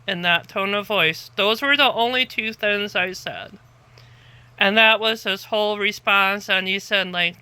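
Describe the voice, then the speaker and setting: A woman telling a story to the camera in a calm, rambling way that circles back and repeats itself. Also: mid-range voice, unhurried, smooth, dry recording. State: tired, half asleep. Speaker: vlogger.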